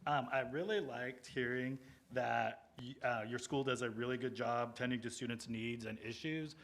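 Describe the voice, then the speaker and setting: A man's voice: mid-range voice, fairly even intonation, normal speed, fairly bright tone. A man moderating a panel at a school board meeting. He asks questions in an encouraging way. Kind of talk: meeting discussion.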